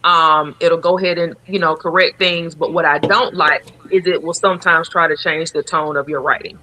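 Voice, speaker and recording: A man's voice: a little high, steady tone, moderate pace, pushed and bright, poor audio. A man speaking casually as a guest on a video call, with many fillers and easy laughter. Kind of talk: casual panel chat.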